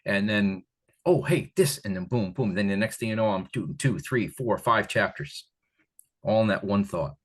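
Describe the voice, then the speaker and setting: An older man from the Catskills talking as an author guest in a casual interview, rambling and animated, with many restarts. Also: fairly low pitch, normal speed. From Catskills, New York.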